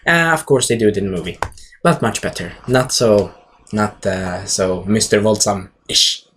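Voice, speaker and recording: A man's voice: lowish voice, normal speed, a bit bright, slight background noise. A man giving a rambling, casual movie recap, jumping around and swearing now and then. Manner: rambling, jumps around, frequent fillers and swearing. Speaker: movie reviewer.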